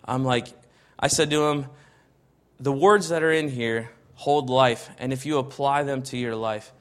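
A man's voice: mid-range voice, steady tone, a little slow. Man telling a story, acting out the dialogue. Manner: acts out quoted dialogue, often dropping softer for quotes; conversational, many fillers and restarts like "I'm like". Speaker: speaker giving a personal testimony. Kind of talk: casual spoken storytelling.

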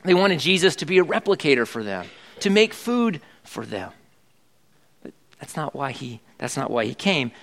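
High-voiced man preaching a conversational sermon. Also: big pitch swings, moderate pace, vocal fry, a bit bright. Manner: conversational preaching with rhetorical questions to the congregation. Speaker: pastor.

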